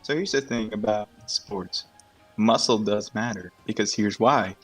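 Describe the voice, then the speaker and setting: A man with a husky voice speaks haltingly but insistently in a heated debate. He keeps going back over his point, over faint music. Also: on the low side, poor audio. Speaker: debate participant.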